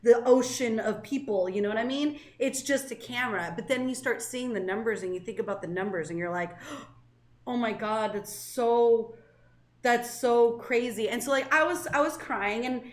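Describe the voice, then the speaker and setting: A woman's voice: on the high side, fairly quick, few pauses, echoey room. A woman in her thirties from Southern California, co-hosting a casual podcast and talking candidly, with lots of fillers and restarts. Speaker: co-host.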